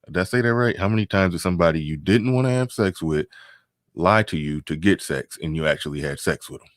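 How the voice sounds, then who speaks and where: Deep-voiced man, loose commentary. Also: fairly quick, no room sound, studio quality. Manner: conversational, repeats phrases, laughs between points. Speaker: live stream host. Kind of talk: casual live-stream commentary reading chat.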